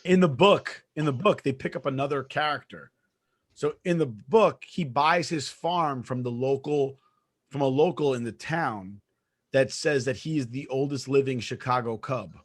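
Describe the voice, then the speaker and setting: A man co-hosting a podcast in casual chat, emphatic and quick to argue, swearing freely. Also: medium pitch. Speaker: podcast co-host.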